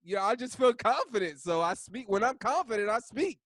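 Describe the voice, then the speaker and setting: Talkative man leading a casual bible study, slangy and fairly high-voiced, dry close sound. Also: expressive, fairly quick, a bit bright, dry recording. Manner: chatty, laughs often, uses slang.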